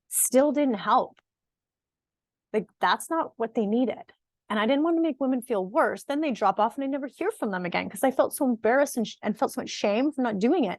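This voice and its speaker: A woman in her forties who coaches fitness and nutrition speaks directly to her audience in a casual monologue, earnest and emphatic, frequently restarting sentences. Her voice sits fairly high, and the studio-quality recording has no room sound.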